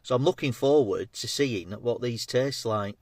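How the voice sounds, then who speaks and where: A man's voice: mid-range voice, unhurried, a little mellow, no echo. A man, chatting casually as he tastes and reviews food on his vlog. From England. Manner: chatty, matey, talks between bites. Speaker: food vlogger.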